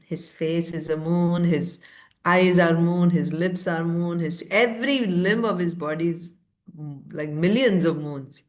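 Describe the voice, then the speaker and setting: A woman's voice: fairly low pitch, unhurried, darkish tone. A woman teaching a scripture class, retelling the story in a conversational way with fillers and asides.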